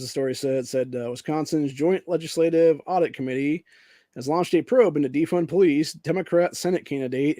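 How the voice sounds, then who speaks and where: This time the Ohio-born podcast host sounds on the high side with a dark tone, in a recording with no echo. On his casual political show he angrily vents, packs in profanity and addresses everyone as "dude."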